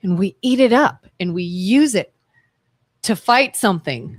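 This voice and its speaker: An American woman talks on a call-in show with an earnest, impassioned drive. She often restarts her sentences as her thoughts run ahead. Her voice sits at a middle pitch and sounds close and dry. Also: lively intonation, a little slow, no echo. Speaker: co-host of a call-in talk show. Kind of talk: casual talk show chat.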